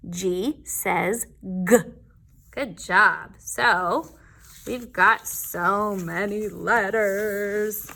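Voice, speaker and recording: Slow, patient woman teaching young children. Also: mid-range voice, fairly even intonation, gravelly, sharp tone. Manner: patient, sing-song, repeats letter sounds slowly. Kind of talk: teaching a children's alphabet lesson.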